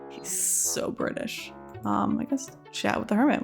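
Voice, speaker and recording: A woman's voice: medium pitch, unhurried, gravelly, faint music behind. A woman hosting a let's play, making wry, amused asides in casual game commentary.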